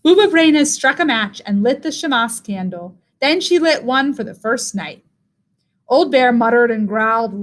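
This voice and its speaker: Lively woman reading a children's story. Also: on the high side, normal speed. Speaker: teacher reading to young children. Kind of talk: storybook read-aloud.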